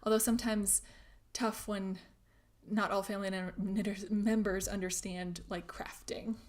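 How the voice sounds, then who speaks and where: Young woman chatting on a craft livestream, laughs a lot, soft little asides, middle pitch. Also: fairly even intonation, unhurried. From grew up speaking German at home in the US. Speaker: crafting channel host. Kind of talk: casual livestream chat reading comments.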